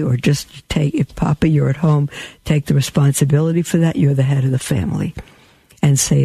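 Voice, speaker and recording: A man's voice: fairly high pitch, steady tone, moderate pace, vocal fry, mellow, slightly rough, no room sound. A man earnestly reading quotes aloud and commenting on them to his listeners, with emphatic repetition and occasional fillers. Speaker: Catholic commentator addressing listeners.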